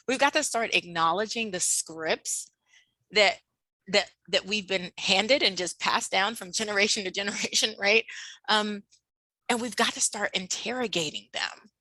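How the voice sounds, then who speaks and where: Bright, lively woman presenter. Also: medium pitch, no room sound, low-quality recording. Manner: expressive, acts out quoted voices, laughs often. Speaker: workshop presenter. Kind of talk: animated webinar talk.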